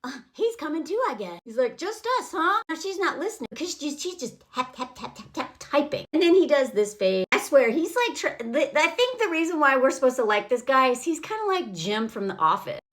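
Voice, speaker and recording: A woman's voice: high-pitched, sing-song, brisk, few pauses. A woman giving a casual, sarcastic and mocking recap of a film, chatting straight to her viewers. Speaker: film reviewer.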